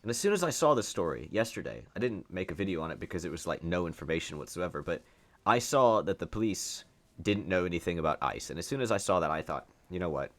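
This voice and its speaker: A young man with a fairly low voice speaks in a heated opinion monologue. He turns sarcastic and indignant, often restarting and repeating words as he argues his point. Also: big pitch swings, fast, fairly bright tone. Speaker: political commentary YouTuber.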